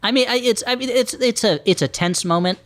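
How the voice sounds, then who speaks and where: A man's voice: extremely high pitch, a little fast, fairly bright tone. A man in casual comedic film chat on a podcast, rambling with many restarts and laughing at his own jokes. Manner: riffs into silly bits. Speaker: podcast commentator.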